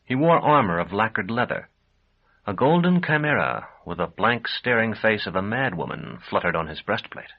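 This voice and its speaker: A man narrating a fantasy audiobook in the first person, with measured, steady storytelling. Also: fairly low pitch, vocal fry. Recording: dull lo-fi audio.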